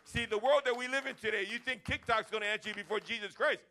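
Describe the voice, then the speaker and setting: A man preaches with a bright, forceful ring, his voice sitting a touch high for a man. He keeps the sermon energetic, slipping into everyday chats to make his points. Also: quick pace. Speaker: pastor. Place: church service.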